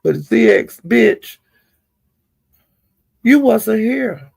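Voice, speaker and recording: A man's voice: high voice, expressive, extremely slow, vocal fry, darkish tone, slightly rough, no echo. A man giving casual, profane gossip commentary on online live streams and scolding the people involved directly. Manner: talks straight to the people discussed.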